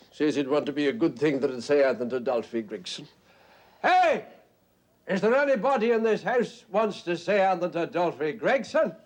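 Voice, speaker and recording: An actor playing a drunk, boastful middle-aged Orangeman tenant, swaggering and loud. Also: on the high side, animated, fairly quick. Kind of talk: stage play acting.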